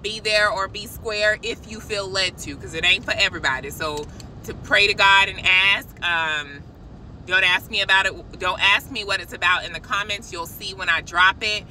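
A woman giving an excited, preachy spiritual message to her viewers from a parked car, calling them y'all. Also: mid-range voice, moderate pace, a little hiss or hum, low-quality recording. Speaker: christian vlogger. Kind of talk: casual spiritual vlog. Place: parked car outside a shop.

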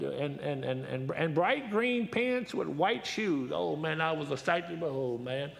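A man's voice: a little high, lively intonation, measured pace, vocal fry, few pauses. A seventy-year-old man preaching a folksy sermon in a church, joking and telling anecdotes in a worn, dried-up voice. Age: 70s. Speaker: guest preacher.

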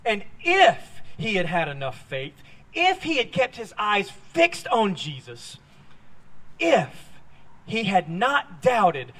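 A man preaching a sermon as a pastor, telling a Bible story with lively, acted-out quoted lines. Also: high-pitched, takes it slowly. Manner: animated storytelling, acting out quoted voices. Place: church sanctuary.

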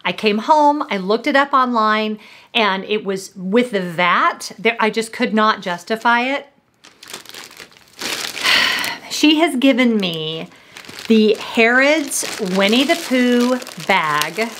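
A woman's voice: on the high side, lively intonation, slow, a bit bright, slight background noise. Gushing middle-aged American woman vlogger. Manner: gushing, emotional, addresses viewers. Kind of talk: gift unboxing vlog.

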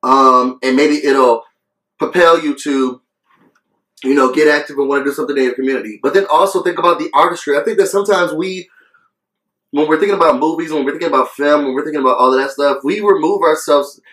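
A man's voice: fairly high pitch, a little fast, fairly bright tone, echoey room, poor audio. A man talking earnestly in a casual vlog review, coughing between phrases and repeating himself for emphasis. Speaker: video reviewer.

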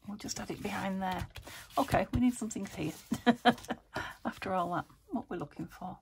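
While working on a junk journal, a woman from the UK chats away to herself, murmuring and addressing her supplies in a relaxed crafting commentary. Her voice is mid-range and slightly rough, at a moderate pace.

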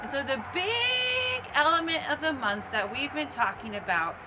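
A woman's voice: sits high, expressive, moderate pace, very noisy. A woman leading a children's church lesson, bubbly and upbeat, calling out to kids to join in. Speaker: children's ministry leader. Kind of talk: kids' church lesson and action song.

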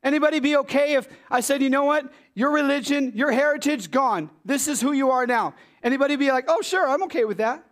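A male pastor with a very high voice preaches a sermon in a church sanctuary. He's animated, peppering the congregation with rhetorical questions.

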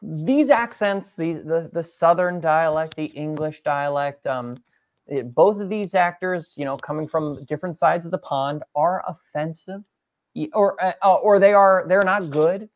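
A man's voice: a little high, measured pace, dry recording, muffled recording. Hesitant man in a dry sound. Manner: hesitant, many restarts. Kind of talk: casual comedic debate.

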